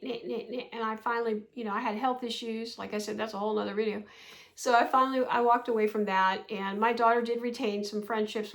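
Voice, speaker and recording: A woman in her sixties talking casually to her vlog audience, chatty and animated, often exasperated, with frequent laughs. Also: a little high. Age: 60s. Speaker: vlogger.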